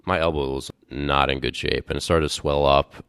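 A young man with a very deep, smooth, resonant voice tells a candid personal story as a podcast host. He rambles casually, with fillers and restarts. The sound is dry and close to the mic. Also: steady tone, moderate pace, a bit bright, no echo.

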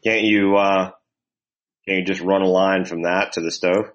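A man co-hosting a podcast, making dry, deadpan jokes in casual chat. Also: low voice, moderate pace, dull audio. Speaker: podcast co-host.

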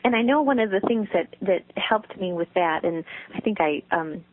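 A woman's voice: medium pitch, lively intonation, normal speed, no echo. A woman guest and writer with a loving, nurturing voice, telling a story in a reflective, casual interview. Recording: dry phone line.

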